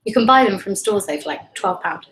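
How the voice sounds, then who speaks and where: A woman's voice: mid-range voice, expressive, vocal fry, fairly bright tone. Young British woman with an American twang. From Britain. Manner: chatty, quick, drops into whispers. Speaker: student host of a live stream. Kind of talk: casual chat before a live stream. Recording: echoey room with faint noise.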